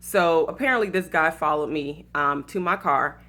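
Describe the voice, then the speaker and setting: A woman's voice: deep voice, normal speed, sharp tone, slight background noise. A woman from Atlanta with a Southern accent, telling a personal story and giving relationship advice in a chatty, casual way full of fillers and faith-based asides. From Atlanta, Georgia, USA. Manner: chatty, lots of fillers, laughs at her own story, preachy asides.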